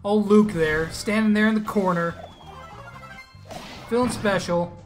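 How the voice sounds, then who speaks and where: A man giving casual, excitable commentary on his own mobile game matches, teasing opponents and laughing at big plays. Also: sits high, unhurried, faint music behind. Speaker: gaming YouTuber. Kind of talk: gameplay commentary.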